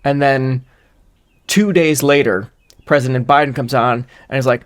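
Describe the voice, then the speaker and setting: A man's voice: medium pitch, normal speed. A man co-hosting a podcast, reasoning through a hypothetical in casual, rambling chat with a wry edge. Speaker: podcast co-host.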